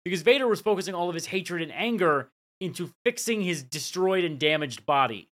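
A man's voice: high-pitched, expressive, fairly quick, a bit bright. A man co-hosting a podcast, casually recapping scenes and dropping the odd swear. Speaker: podcast co-host.

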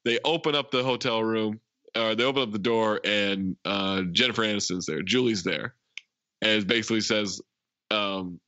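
A man's voice: lowish voice, moderate pace, no echo, highs cut off. A man in casual chat retelling a comedy film scene by scene, acting out the lines and laughing a lot. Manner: animated, laughs often, acts out quotes. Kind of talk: casual movie recap chat.

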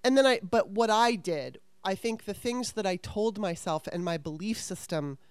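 Smooth-voiced woman telling blunt stories. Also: mid-range voice, lively intonation, normal speed, no echo. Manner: frank, self-deprecating, swears, restarts often. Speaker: guest, former actress. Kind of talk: candid conversational storytelling.

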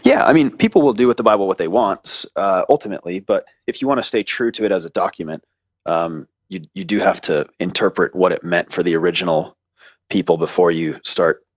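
Deep-voiced man, casual, thoughtful explainer with dry humor, dull dry recording. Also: a little fast, no room sound. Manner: thoughtful, hedging, with dry jokes. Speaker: guest, seminary graduate.

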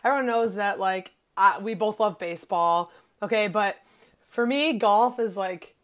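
A woman in her twenties from Illinois, co-hosting a casual podcast and talking in an excitable, gushing way with lots of "like" fillers. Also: mid-range voice, measured pace. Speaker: podcast co-host.

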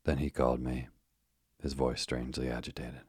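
A man narrating a mystery as a calm, even sleep-story reading. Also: rumbling low, normal speed, slightly rough, no room sound, clean studio sound.

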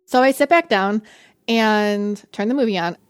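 A woman telling a personal story in a lively, conversational way, often saying "like" and acting out what people said. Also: mid-range voice, moderate pace, clear, resonant tone. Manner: animated, frequent "like", acts out quoted dialogue. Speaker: guest storyteller. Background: faint music score.

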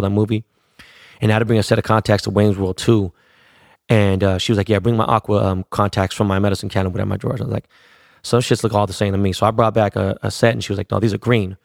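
A man's voice: lowish voice, creaky, no echo, clean studio sound. A middle-aged man from Los Angeles telling a rambling story in casual, slangy talk, swearing constantly.

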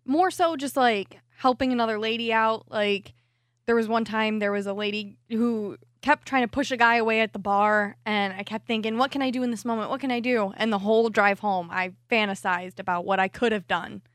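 A woman's voice: fairly even intonation, normal speed, no room sound, clean studio sound. A woman co-hosting a radio talk show, telling personal stories in casual chat. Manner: storytelling, acts out quotes in a higher voice.

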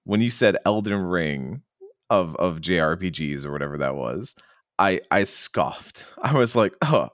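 A man co-hosting a casual podcast chat, enthusiastic and fond of acting out characters in quick silly voices. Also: sits low, lively intonation, no room sound, clean studio sound. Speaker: podcast co-host.

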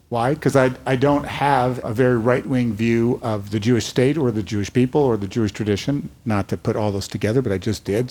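An older man, a rabbi, speaking earnestly and telling stories on a panel before a live audience. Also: mid-range voice. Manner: earnest storytelling, animated quotes.

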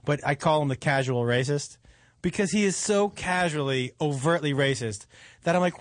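A man's voice: fairly high pitch, moderate pace, dry recording, studio quality. A man hosting a radio show, joking and swearing in casual banter with his co-hosts. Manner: animated, jokey, swears freely.

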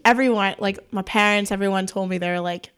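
A woman's voice: medium pitch, steady tone, fast, fairly bright tone, clear, resonant tone. A young woman from New City, a guest in a casual studio interview, chatty and often laughing as she acts out quoted lines. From New York City. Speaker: interview guest, dancer and musician. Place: recording studio.

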